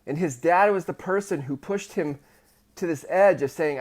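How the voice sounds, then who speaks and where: A man in his thirties, a podcast host, telling a personal story in a halting way, with many restarts and rising emotion. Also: on the high side. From Pacific Northwest of the US. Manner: halting, many restarts, gets loud and emotional when retelling.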